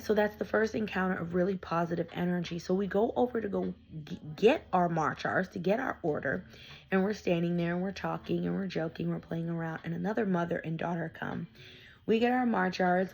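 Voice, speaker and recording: A woman tarot reader chatting animatedly through a casual vlog story, slangy and excited. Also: lowish voice, vocal fry, slightly rough, poor audio. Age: adult with young children.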